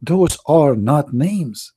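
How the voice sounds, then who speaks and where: A man hosting his channel in polemical talk, slow, emphatic and scornful. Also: on the high side, expressive, mellow, husky. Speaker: channel host.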